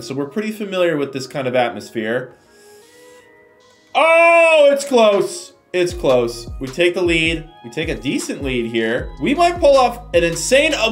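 A young man giving casual, chatty commentary while playing a sports game, talking to his viewers like friends. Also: on the high side. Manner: animated, chatty, talks to viewers as "boys" and "bro". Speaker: gaming YouTuber.

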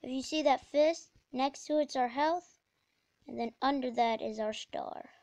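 A woman giving casual, rambling commentary while playing a video game, breaking into sudden excited exclamations. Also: sits high, measured pace, no echo. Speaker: let's play gamer.

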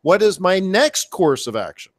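Trading coach, male, slightly high voice, excitable, slangy, talking over a webcam stream. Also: normal speed. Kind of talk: live trading commentary. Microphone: webcam setup.

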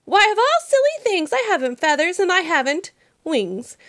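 A woman voicing a gentle, faithful male elephant who speaks earnestly in a storybook reading. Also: very high voice, very animated, moderate pace, pitched above the performer's own voice, heavily acted. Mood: amused.

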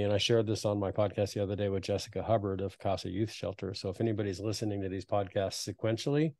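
A man in his fifties hosting a podcast, telling reflective, earnest stories in a relaxed conversational way. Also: on the low side, no echo. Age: 50s. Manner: reflective, earnest storytelling with frequent restarts. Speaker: podcast host.

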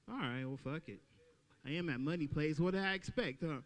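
A man doing a stand-up comedy set at an open mic, talking loudly and playing out little voices for the crowd. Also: on the high side, a little fast. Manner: loud, animated crowd work with acted-out voices.

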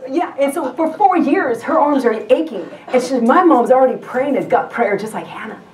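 Heard from far off in an echoey church hall, a woman speaks with a high, expressive, darkish voice at a moderate pace. She is a guest pastor preaching in the sanctuary in a conversational style, frequently restarting sentences and questioning the congregation.

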